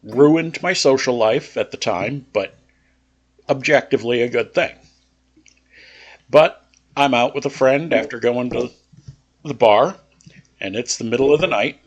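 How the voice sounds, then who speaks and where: Male gaming host, unhurried relaxed storyteller, rambling anecdotes, middle-pitched voice. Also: a little hiss or hum. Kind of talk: casual storytelling over gameplay.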